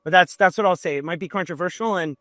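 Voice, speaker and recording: High-voiced animated man in his thirties. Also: quick pace, dry recording. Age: 30s. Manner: animated, fired-up storytelling. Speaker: guest musician. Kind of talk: casual podcast chat.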